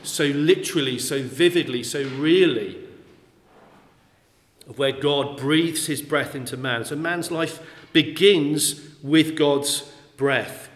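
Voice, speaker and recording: A male preacher delivers a sermon at a very slow, measured pace. He repeats key phrases for emphasis. The sound carries the long, roomy reverb of a large hall. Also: fairly high pitch.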